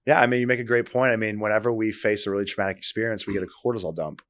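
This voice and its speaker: A man hosting a podcast, telling stories in a casual, animated way with lots of fillers. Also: fairly low pitch, rapid-fire, no echo, clean studio sound. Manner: animated storyteller, many fillers. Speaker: podcast host.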